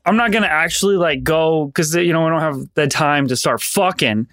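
A man's voice: a little high, a little fast, a bit bright, no room sound, studio quality. A young man playing a tabletop game, cocky and joking, often laughing at his own ideas. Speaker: player.

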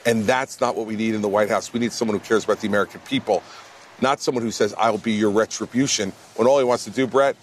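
A man's voice: fairly low pitch, steady tone, fast talker. A man, a presidential candidate answering questions in a blunt, emphatic way in a TV news interview. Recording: faint background noise.

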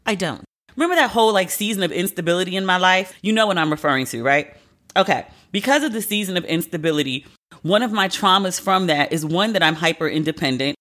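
A podcast host in their thirties, venting in a casual, animated and profane solo monologue. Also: mid-range voice.

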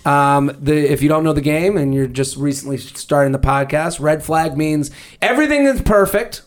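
Chatty man hosting a podcast. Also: on the high side. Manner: rambling, quick storytelling with crude jokes. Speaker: podcast host. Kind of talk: casual chat.

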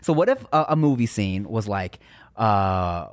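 A man co-hosting a podcast, asking playful hypothetical questions in an animated, joking way. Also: lowish voice, measured pace, dry recording. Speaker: podcast co-host. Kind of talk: casual chat.

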